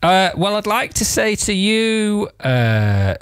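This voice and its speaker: A man's voice: high-pitched, sing-song, slow pace, fairly bright tone, smooth, no room sound. A man hosting a radio show in a studio, talking in casual, teasing banter that rambles and often breaks into laughs.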